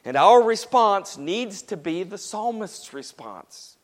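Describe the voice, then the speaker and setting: A man's voice: high-pitched, sing-song, takes it slowly, few pauses, in a large hall. A man preaching a sermon to a congregation, emphatic and repetitive as he presses each point home. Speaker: pastor.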